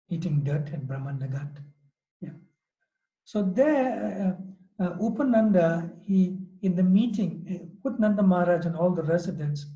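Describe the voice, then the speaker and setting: A man with a high, mellow voice tells a sacred story in a halting way, full of restarts and fillers. The sound is roomy, with plenty of reverb around him. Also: lo-fi sound. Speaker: monk giving a scripture class. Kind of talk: storytelling lecture.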